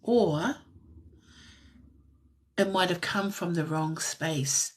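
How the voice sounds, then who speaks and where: A woman giving a live-stream tarot reading in a soft, musing way that drifts into whispers, with frequent light laughs. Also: fairly low pitch, extremely slow. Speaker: tarot reader.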